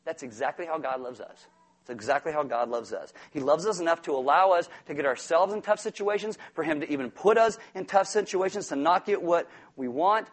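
A man's voice: a little high, fairly quick. A man preaching a sermon, acting out quotes and toddler tantrums with big swings in volume. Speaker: pastor.

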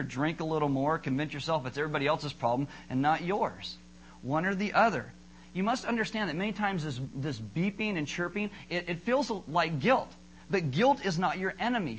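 Pastor preaching in a slightly high voice. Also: male voice, fairly bright tone, a little hiss or hum, poor audio. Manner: conversational preaching with humorous storytelling. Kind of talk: sermon.

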